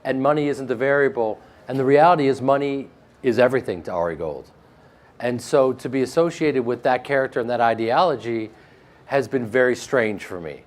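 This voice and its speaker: A man with a flat Midwestern American accent, answering interview questions in a casual, joking way and laughing often. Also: medium pitch, brisk. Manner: animated, joking, laughs often, with frequent restarts. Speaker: actor being interviewed.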